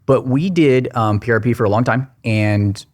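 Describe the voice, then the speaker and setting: A man, a hair restoration surgeon, giving fast technical explanations in a podcast interview. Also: medium pitch, darkish tone.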